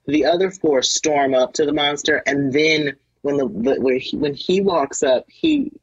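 Man, podcast co-host, casual chat, husky, very lively pitch, dry, slightly muffled mic. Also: unhurried, no room sound. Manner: animated storytelling, jumps into high comic voices.

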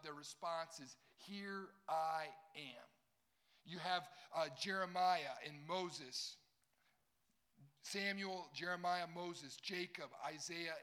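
Bright-voiced preacher man. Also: a little high. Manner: jokey, talks straight to a young crowd. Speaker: pastor. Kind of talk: sermon.

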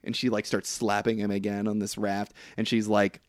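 Fairly low and fairly even in pitch, a man speaks a bit fast in a studio-quality recording with no room sound. As a podcast co-host, he loosely retells a movie's plot, laughing a lot, using fillers, and quoting characters.

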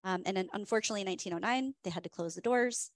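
A woman's voice: medium pitch, rapid-fire, no room sound. A woman hosting a whiskey tasting, telling the story in a chatty, enthusiastic way with many fillers. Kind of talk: casual storytelling presentation.

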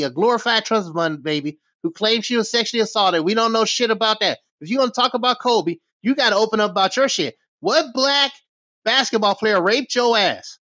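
A man's voice: sits high, bright, forceful tone, no room sound. An American man delivering an angry, profane vlog rant in heated bursts. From United States. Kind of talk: ranting vlog monologue. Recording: dull lo-fi dry recording.

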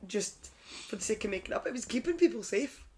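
A young woman, a personal trainer, chatting as a podcast guest and reacting with quick interjections. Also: mid-range voice, lively intonation, a little mellow. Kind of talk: casual podcast chat.

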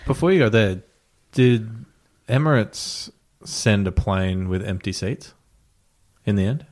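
Low-voiced man asking questions. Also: lively intonation, a little slow, a little mellow. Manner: brief prompting questions. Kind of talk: casual interview.

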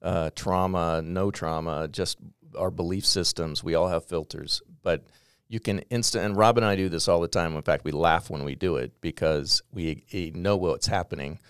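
Earnest middle-aged pastor on a podcast, very deep voice, dry close sound. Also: male voice, fairly even intonation, moderate pace, clear, resonant tone, no echo. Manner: earnest, explanatory, emphatic. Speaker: executive pastor. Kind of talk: podcast conversation.

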